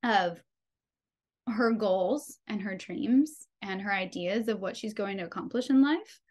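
A young adult woman, a podcast guest, telling a personal birth story with animated delivery, often laughing and acting out dialogue. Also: medium pitch, measured pace.

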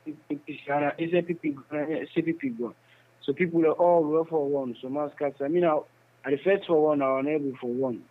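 A man with a Sierra Leonean Krio accent recounting events in a phone interview, in halting, repetitive speech. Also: on the high side, steady tone. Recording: tinny phone line.

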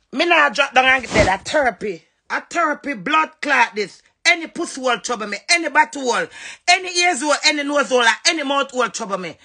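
Raspy high-voiced Jamaican woman ranting. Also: pushed and bright. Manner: cussing, confrontational, scolding. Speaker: social media livestreamer. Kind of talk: heated livestream rant.

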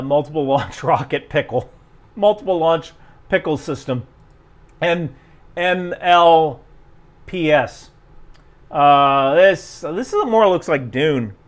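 Chuckling man with softened Jersey accent. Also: on the high side. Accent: General American, softened New Jersey. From New Jersey. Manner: chuckling, rambling, self-interrupting. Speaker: YouTube commentator. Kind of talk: casual commentary.

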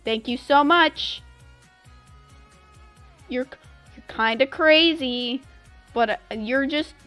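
High-voiced, gushing young woman streamer. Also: takes it slowly, a bit bright, soft background music. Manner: effusive, dramatic, exclamatory. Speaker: game streamer. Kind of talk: live streaming chat, thanking viewers.

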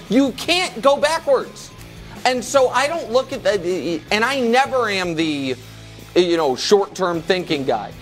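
A man's voice: very high-pitched, a bit bright. A man co-hosting a sports debate show, arguing his point emphatically and cutting in often, in a TV studio. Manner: emphatic, argumentative, interrupts often.

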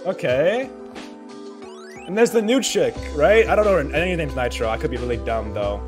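A young man streams a game with a hoarse, worn-out voice that still jumps around with lively, swooping excitement. He swears and shouts his reactions, and the voice sits a bit high. Faint game music plays behind him. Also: fast. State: hoarse, tired voice. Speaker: gaming streamer. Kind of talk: excited gaming commentary.

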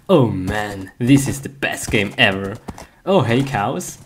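Slow, lively-voiced man narrating a game skit. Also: on the low side, a little hiss or hum. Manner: chatty, giggly, narrates each action. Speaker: player narrating a live-action game parody. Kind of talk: casual comedic narration.

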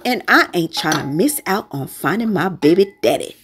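A woman's voice: lowish voice, animated, moderate pace, slightly rough, heavily acted. A woman voicing sassy female wine glasses who banter in slang as they get ready to travel. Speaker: glass artist.

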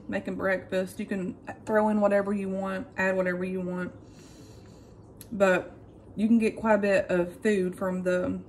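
Woman vlogger, relaxed and chatty, mid-pitched, faint noise behind. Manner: chatty, relaxed, says "y'all". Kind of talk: casual cook-with-me chat.

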